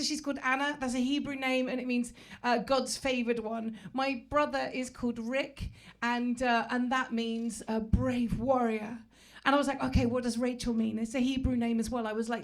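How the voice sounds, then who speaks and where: A woman's voice: on the high side, a bit bright. Chatty English woman doing stand-up. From England. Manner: chatty, self-mocking, talks with the crowd. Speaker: stand-up comedian. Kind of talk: stand-up comedy set. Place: comedy club stage.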